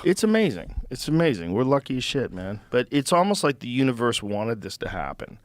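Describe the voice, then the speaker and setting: A man's voice: medium pitch, fairly quick, no echo. A man hosting a podcast in casual chat, telling stories and acting out quoted voices. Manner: animated storytelling, acts out quoted voices. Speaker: podcast host.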